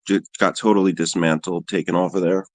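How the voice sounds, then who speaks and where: Livestream host, male, lowish voice, dry close sound, rambling and profane, self-mocking. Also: level tone, a little fast, a little mellow, no room sound. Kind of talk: casual livestream chat answering viewers.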